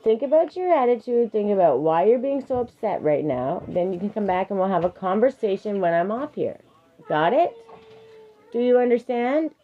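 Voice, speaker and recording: A woman's voice: mid-range voice, lively intonation, moderate pace, narrow, tinny audio. A woman streaming live, reading affirmations and firmly but patiently parenting her child in between, laughing often.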